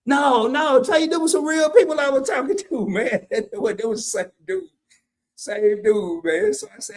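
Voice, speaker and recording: A man's voice: sits high, lively intonation, normal speed. A man, telling a casual story on his live stream and greeting chatters by name.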